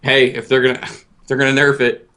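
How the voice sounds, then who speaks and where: A man's voice: mid-range voice, monotone, fairly quick, bright, forceful tone. A man in his thirties in casual podcast chat, self-deprecating and rambling, often stammering and restarting his sentences. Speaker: guest co-host.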